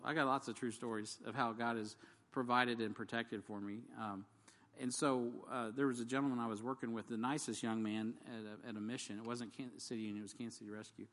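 A man in ministry work rambles through casual personal stories, switching into voices for the people he quotes. His pitch sits at a middle range for a man. A long hall reverb trails behind his words. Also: a bit bright. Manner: rambling, acts out dialogue in varied voices. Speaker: ministry worker. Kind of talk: casual testimony storytelling.

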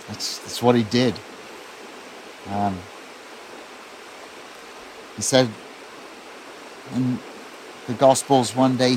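Slow, deliberate male preacher. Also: mid-range voice, a little mellow, a little hiss or hum. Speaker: pastor. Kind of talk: sermon.

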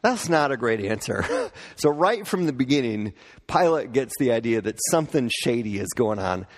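A man delivers a sermon in a relaxed, conversational way, breaking into asides and small laughs as he explains. His voice sits at an ordinary middle pitch. The sound carries a long reverb, as in a large church hall. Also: normal speed. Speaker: pastor.

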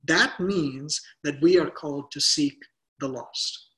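Man, pastor, sermon, high voice, slow deliberate delivery, earnest, leans on key words. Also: a bit bright. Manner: earnest preaching, slows and stresses key words.

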